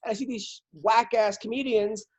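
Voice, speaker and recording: A man's voice: high voice, steady tone, brisk, breathy edge. A man who is a comedian, telling stories animatedly in casual podcast chat and swearing a lot.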